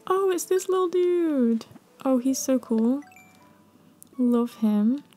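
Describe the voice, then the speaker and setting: A young woman talks through a cosy game in a gentle, slightly high voice. Her tone is mellow and warm, cheerful and gushing, with the occasional hushed whisper. She is close to the mic. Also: animated, takes it slowly, a little hiss or hum. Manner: soft, cheerful and gushing, with quiet whispered asides. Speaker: gaming video creator. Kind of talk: cosy gameplay commentary.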